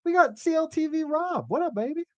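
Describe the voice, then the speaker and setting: A man hosting a cannabis growing podcast live, chatting casually in an animated, rambling and profane way. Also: extremely high pitch, brisk, no echo, lo-fi sound. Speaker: podcast host. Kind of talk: casual live-stream chat.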